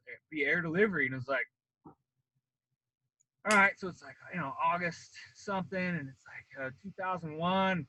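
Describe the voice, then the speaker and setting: A high-pitched man, formerly a Marine and now in his late thirties, from Colorado, casually recounts a long story on a podcast. He animatedly acts out the voices of the people involved. The recording is dry, with dull audio.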